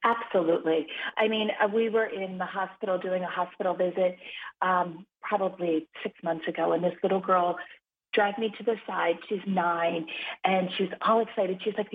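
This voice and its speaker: A woman's voice: fairly low pitch, steady tone, normal speed, a little hiss or hum. A woman who founded a children's charity, a guest telling stories in an earnest, upbeat way. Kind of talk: interview conversation. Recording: phone-line audio.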